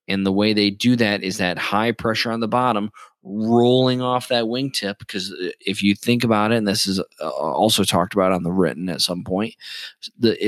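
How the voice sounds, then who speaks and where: A man with a fairly low voice talks through flying concepts the way a flight instructor would. He rambles and restarts and drops in plenty of fillers. The sound is close and dry, with no room in it. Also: a bit bright, no echo. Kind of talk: casual aviation chat.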